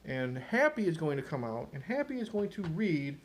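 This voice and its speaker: A man with a slightly high voice hosts a loose chat. He is playful and teasing toward his co-host. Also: big pitch swings, normal speed, slight background noise. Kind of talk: casual chat.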